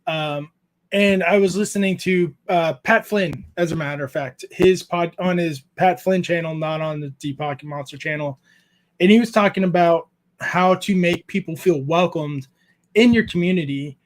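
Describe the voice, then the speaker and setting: A man's voice: a little high, normal speed. A man in his thirties hosting a casual creator chat, laid-back, swearing freely and laughing often as he tells stories. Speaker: podcast host interviewing a YouTuber.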